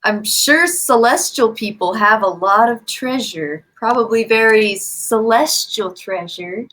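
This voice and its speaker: A woman player in a tabletop game, thinking out loud. She speaks slowly in a slightly high voice. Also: poor audio. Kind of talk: casual tabletop game chat.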